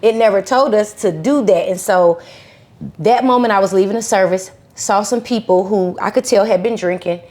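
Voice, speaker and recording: A woman from Charlotte, North Carolina, a podcast guest telling her story in a lively, conversational way and acting out what people said. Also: mid-range voice, normal speed. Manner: animated, acts out voices in her stories.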